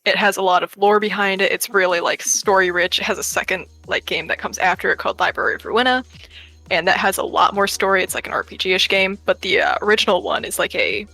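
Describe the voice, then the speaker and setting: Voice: fast talker, gravelly, low-quality recording. A guest podcast co-host, rambling casually and unscripted. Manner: rambling, unscripted, with lively pitch.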